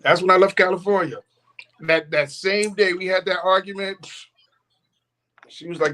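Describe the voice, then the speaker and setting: A man with a high voice tells loose, profane stories on a stream, laughing between lines. He acts out each quote with big swings in his delivery. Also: normal speed, long pauses. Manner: profane, laughing often, animated quoting. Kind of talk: casual storytelling chat.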